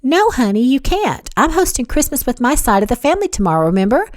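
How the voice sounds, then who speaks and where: A woman voicing a kindly older mother who speaks brightly and quickly in an audiobook. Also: sits high, sing-song, no echo, studio quality, pitched above the performer's own voice. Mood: chiding.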